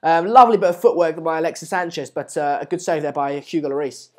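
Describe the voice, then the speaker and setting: A man's voice: a little high, fairly even intonation, quick pace. A man hosting a casual live football watchalong, rambling and chatty with many fillers, often urging viewers to subscribe. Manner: repeatedly urges viewers to subscribe. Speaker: live-stream host.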